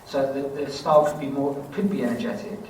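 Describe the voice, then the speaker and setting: A man's voice: mid-range voice, level tone, fairly quick. A Scottish-born man with a London accent, a convention panel guest telling rambling, self-mocking anecdotes in casual Q&A answers. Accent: London English. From Scotland. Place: large convention hall. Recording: echoey hall, distant mic, background noise.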